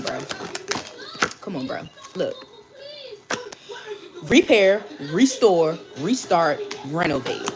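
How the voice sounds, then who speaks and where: A woman, a tarot reader hosting her channel, rants to her viewers in a blunt, heated way, swearing often and repeating herself. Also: mid-range voice. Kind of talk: casual ranting vlog.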